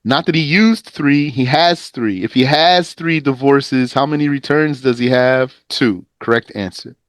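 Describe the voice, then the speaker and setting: A man teaching a lesson on a legal text, reading passages briskly, translating them slowly and quizzing his students in a conversational manner. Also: medium pitch, no echo. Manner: lively, explanatory, conversational. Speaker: teacher of Islamic law.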